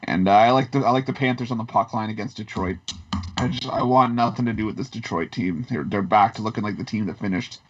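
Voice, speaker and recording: Male co-host, low voice, halting repeats, dull lo-fi sound. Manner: hesitant, repeats words while thinking aloud. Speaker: sports betting co-host. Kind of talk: casual studio picks talk.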